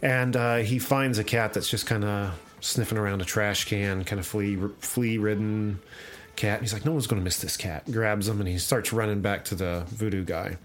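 A man's voice: fairly low pitch, normal speed. A male podcast host chatting casually and retelling a comic, acting out the characters as he goes. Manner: animated storyteller, acts out voices.

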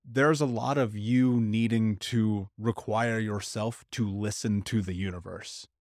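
A man hosting a podcast interview, reflective and measured, with casual swearing. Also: lowish voice, fairly even intonation, darkish tone, no echo, clean studio sound. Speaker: podcast host. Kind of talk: conversational interview.

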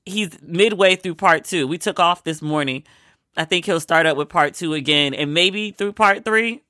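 Vlogger from Maryland, home sick, easygoing chatter with acted-out quotes, bright voice, dry room. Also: medium pitch, no echo. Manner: chatty storyteller, acts out quoted lines. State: sick with a cold. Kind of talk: casual chatty monologue.

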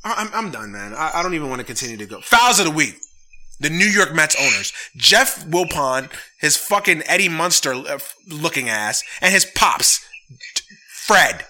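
A man's voice: a little high, very animated, normal speed, pushed and bright. A man hosting a casual sports podcast, ranting with heavy swearing and then signing off with sincere thanks. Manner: profane, heated ranting. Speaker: podcast host.

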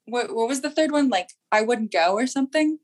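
A woman chatting casually as a podcast guest, easygoing and quick to laugh, with plenty of "like". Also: a little high, expressive. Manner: easygoing, laughs often, lots of "like".

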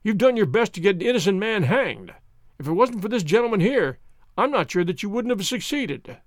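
A man reading the lines of a blunt, skeptical police inspector, gruff and impatient. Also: high-pitched, very animated, a little fast, dry recording. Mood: brusque.

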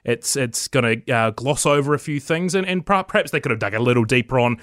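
A man's voice: mid-range voice, animated, fast talker, fairly bright tone, dry recording. A New man, a rugby editor, chatting easily in a radio studio interview.

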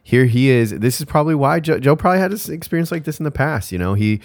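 A man co-hosting a podcast in casual chat, playful and quick to laugh. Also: mid-range voice, expressive, dry recording. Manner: playful, laughs often, mimics accents. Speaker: podcast co-host.

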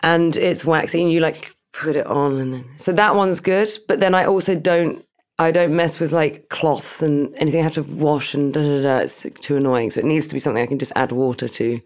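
A chatty woman giving an interview in a relaxed, self-mocking way. She talks loosely and often breaks into laughter between thoughts. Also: deep voice, brisk. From Britain. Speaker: interview guest. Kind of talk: casual interview chat.

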